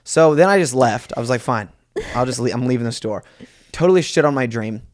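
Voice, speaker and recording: A young man co-hosting a comedy podcast, chatting casually and teasing his partner. His voice sits in the middle of the usual male pitch, and he tells his stories in an easy, laid-back way. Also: brisk. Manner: relaxed storytelling, playful teasing. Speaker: podcast co-host.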